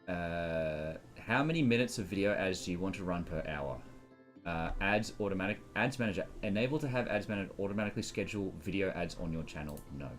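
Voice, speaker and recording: A male streamer with a low, deep voice that swings widely in pitch as he chats casually. He rambles, trails off and restarts, reading on-screen text aloud. Quiet music runs faintly behind him. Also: expressive, fast talker. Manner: rambling, hesitant, reads settings aloud. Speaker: live streamer. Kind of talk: casual live-stream chat.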